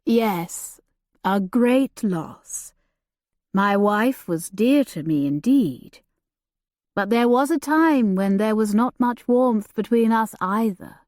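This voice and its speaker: A woman voicing a grieving older earl who speaks softly, slowly and earnestly. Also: medium pitch, animated, no room sound, clean studio sound. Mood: gentle. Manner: soft, slow and solicitous.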